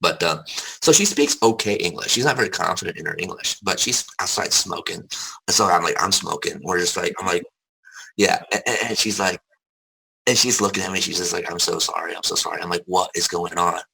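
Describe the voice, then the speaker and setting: Young guy w a deep gravelly voice, husky, just telling it straight, cussing, lots of ums. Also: brisk, bright, forceful tone, low-quality recording. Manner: frank, swears casually, many fillers and restarts. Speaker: interview guest. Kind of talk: candid personal storytelling.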